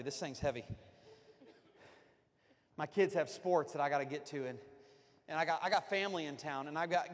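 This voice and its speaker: A man's voice: a little high, normal speed, long pauses. A man preaching a sermon as pastor, talking to his congregation in a loose, conversational way and joking with them. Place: church sanctuary. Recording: long reverb of a church hall.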